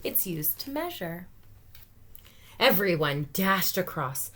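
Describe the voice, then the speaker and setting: A woman teacher reading a picture book aloud to children, expressive with gentle asides. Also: lowish voice, slow pace, slight background noise.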